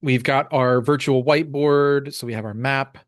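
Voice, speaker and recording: A man reading game rules aloud and describing scenes in a relaxed way, with many fillers. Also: mid-range voice, moderate pace, no room sound, studio quality. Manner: relaxed, full of ums and uhs. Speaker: tabletop game player.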